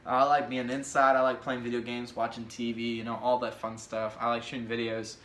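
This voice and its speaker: A man's voice: mid-range voice, little pitch movement, brisk, a bit bright, slight background noise. A young man in his twenties chatting casually through viewer questions in a rambling way with many fillers. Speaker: vlogger. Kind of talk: casual question-and-answer chat. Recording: echoey room.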